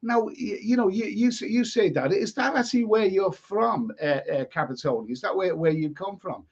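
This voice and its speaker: Brief: English man, live stream host, blunt and opinionated, restarts a lot, slightly raised pitch, muffled lo-fi audio. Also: normal speed, a little mellow, slightly rough. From England. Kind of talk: casual live chat stream.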